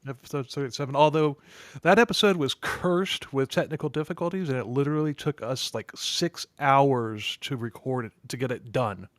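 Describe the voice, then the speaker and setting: A man's voice: mid-range voice, moderate pace, a bit bright, no room sound, clean studio sound. A man hosting a podcast in casual chat, rambling with frequent restarts and laughing often. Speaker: podcast host.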